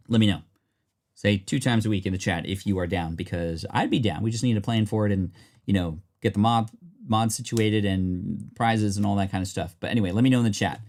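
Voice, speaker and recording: A man's voice: fairly low pitch, a little mellow. Chatty man live-streaming. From United States. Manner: upbeat, chatty, reads chat aloud. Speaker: streamer opening card packs. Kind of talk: casual live-stream chat.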